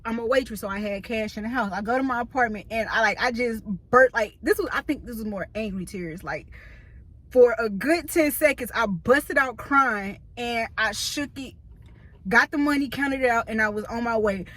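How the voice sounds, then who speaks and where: Chatty woman vlogger, high voice. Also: normal speed, no room sound. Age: 30s. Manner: chatty, slangy, animated storytelling. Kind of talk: casual storytime vlog. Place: parked car in a store parking lot.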